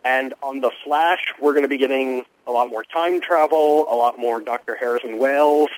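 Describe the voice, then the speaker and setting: A man who is a guest TV critic, giving quick, informed and enthusiastic answers in a radio interview. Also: mid-range voice, no echo, poor audio.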